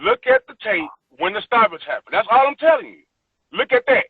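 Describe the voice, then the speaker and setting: A man's voice: extremely high pitch, wildly swooping pitch, fairly quick, gravelly, breathy edge, dry recording. A man who is a boxer, arguing angrily and profanely as a call-in guest, insisting on his point. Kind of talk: heated call-in argument. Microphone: phone call. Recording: tinny phone line.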